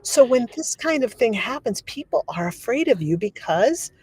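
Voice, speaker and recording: A woman telling stories as a podcast guest, animated and laughing often as she acts out what people said. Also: fairly high pitch, normal speed, husky, dry recording. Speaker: podcast guest, remote viewer. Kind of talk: casual storytelling.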